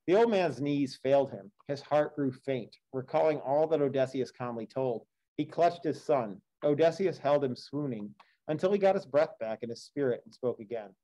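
A man's voice: medium pitch, animated, moderate pace, mellow, low-quality recording. A man reading an epic poem aloud as a teacher, breaking off for casual, chatty commentary. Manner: casual, chatty asides with fillers. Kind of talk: read-aloud with classroom commentary.

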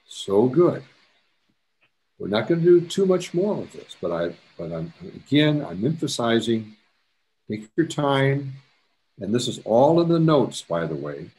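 A man giving a step-by-step photography tutorial, his pitch leaping up and dropping down as he explains. He's chatty and patient, restarting phrases and slipping in jokey asides. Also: darkish tone. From Canada. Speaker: photography instructor. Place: presentation to a camera club.

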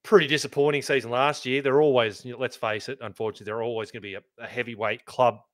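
A man's voice: medium pitch, steady tone, fast, a bit bright, no room sound, studio quality. A man co-hosting a sports podcast, talking in a laid-back, mumbly way and swearing casually. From Australia. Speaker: podcast co-host.

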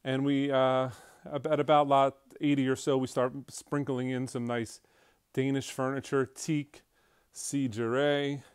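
A man strolls through a large auction showroom, pointing out pieces in a loose, chatty way, full of fillers and restarts. His voice is smooth and clear at a middle pitch. The sound is dry and close despite the big room. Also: level tone, a little slow, no room sound. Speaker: auction house staff giving a walkthrough. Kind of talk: casual walkthrough narration.

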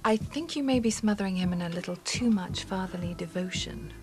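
An actress plays a calm, persuasive woman who talks her lover round. Her voice sits at a middle pitch. Drama music runs under the scene. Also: a little fast, close to an everyday voice. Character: cool, poised woman and new lover. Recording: TV score behind the speech.

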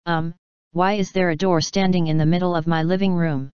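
A timid, whispery young pegasus mare from a storybook, as a woman puts her on. Her voice is very clear and dry, and a little dull in tone. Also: lowish voice, fairly even intonation, a little fast, darkish tone, no room sound, lightly acted. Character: shy, gentle young female pegasus mare.

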